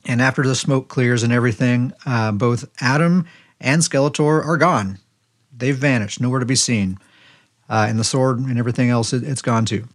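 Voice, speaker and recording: A man co-hosting a podcast, casually retelling scenes in a relaxed storytelling way with quick quoted lines. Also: mid-range voice. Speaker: podcast co-host. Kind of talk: casual recap chat.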